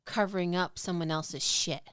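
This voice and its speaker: Smooth-voiced frank woman podcaster. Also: fairly low pitch, steady tone, moderate pace, fairly bright tone, no echo, studio quality. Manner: frank, chatty, swears freely. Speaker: podcast co-host. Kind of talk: candid casual chat.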